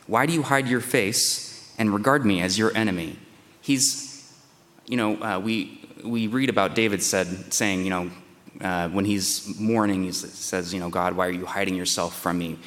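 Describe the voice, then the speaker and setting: A man's voice: deep voice, steady tone, moderate pace, a bit bright. A man preaching through scripture, reading verses and acting out the speaker's pleas in a raised, dramatic voice. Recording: long hall reverb.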